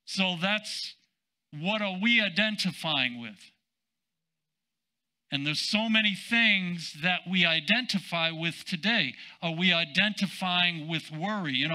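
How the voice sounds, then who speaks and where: A man delivers a sermon as a senior pastor, with a high and intensely forceful voice. He moves between easy conversational asides and emphatic, driving declarations. The sound is tense and bright as he presses his points home. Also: lively intonation, unhurried.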